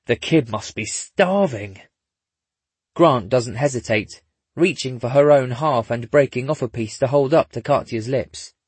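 Husky male narrator with wry asides. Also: mid-range voice, a little slow, a little mellow, no echo. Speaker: audiobook narrator. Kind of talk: scripted narration.

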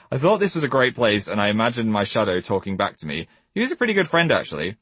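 Playful self-mocking man, lively voice. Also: on the low side, slightly rough, no room sound. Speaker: co-host reading his own book. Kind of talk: casual comic reading and chat.

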